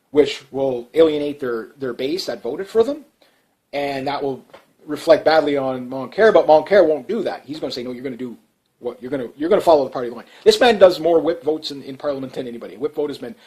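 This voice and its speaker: A man's voice: a little high, a little mellow. Chuckling, rambling man ranting about politics. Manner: rambling, sarcastic, chuckling asides. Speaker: political commentary vlogger. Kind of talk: casual political rant.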